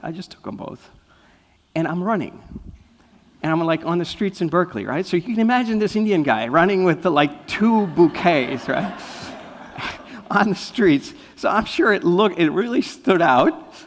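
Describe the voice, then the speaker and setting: A man's voice: a little high, normal speed. Guy giving a talk at a spiritual center, chatty stories, lots of "right?", echoey big hall. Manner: lively storyteller, often asking "right?". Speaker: guest speaker. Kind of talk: anecdotal inspirational talk. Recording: long reverb of a large hall.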